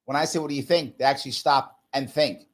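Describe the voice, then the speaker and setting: A man in his forties from the United States, a management consultant talking as a podcast guest, emphatic and fond of acting out little exchanges. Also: fast talker. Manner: emphatic, acts out little dialogues with rising pitch. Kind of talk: casual conversation.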